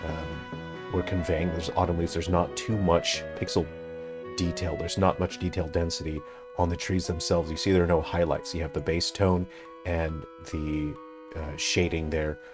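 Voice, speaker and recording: A man's voice: sits low, flat delivery, normal speed, music in the background. A man, a game developer, giving analytical commentary on a game he is playing, thinking aloud with many fillers. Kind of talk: gameplay commentary.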